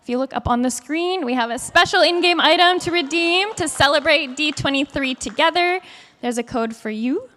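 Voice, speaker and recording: High-pitched lady hosting a live panel, upbeat, keeps things moving. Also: moderate pace, a bit bright. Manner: upbeat presenter. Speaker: panel host.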